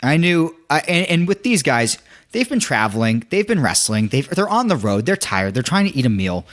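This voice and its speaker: A young man telling a story in casual podcast chat, animated, acting out quotes with many restarts. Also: mid-range voice, normal speed.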